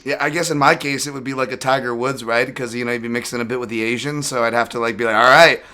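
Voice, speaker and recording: A man hosts a loose, casual podcast and wanders through long anecdotes, laughing often. His voice is bright and forward at an ordinary middle pitch. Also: steady tone, fast talker, clear, resonant tone. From Chinese heritage. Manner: rambling, laughing storyteller. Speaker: podcast host.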